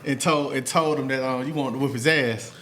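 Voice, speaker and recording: A man's voice: medium pitch, steady tone, brisk, a bit bright. A man from Atlanta co-hosting a casual podcast, laughing as he prompts his guest to tell a story. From Atlanta, Georgia. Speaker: podcast co-host. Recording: echoey room with faint hiss.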